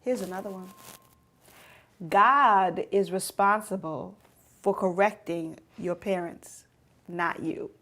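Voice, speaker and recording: A woman's voice: medium pitch, slow, long pauses, bright, forceful tone. A woman teaching a youth church lesson, speaking directly to teens and repeating her key points for emphasis.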